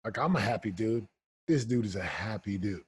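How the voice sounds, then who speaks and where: A man hosting a podcast, chatting casually in an excitable, upbeat way and often repeating his words. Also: on the low side, normal speed, breathy edge. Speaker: podcast host.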